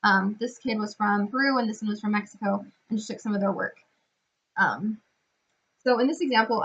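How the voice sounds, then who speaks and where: A young woman giving a field report as a student teacher, explaining learners' pronunciation in a relaxed way with many ums and restarts. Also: medium pitch, a little fast, breathy edge. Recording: dull lo-fi recording.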